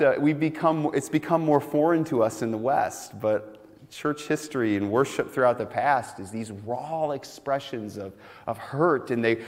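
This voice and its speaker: Man preaching in a reverberant hall. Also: medium pitch. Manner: earnest, building emphasis with repeated phrases. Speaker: pastor. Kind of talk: sermon.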